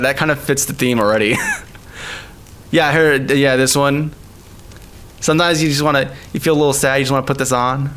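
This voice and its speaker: A man's voice: mid-range voice, a bit bright. A man streaming live and chatting casually, laughing often and calling people man and dude. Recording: faint music behind.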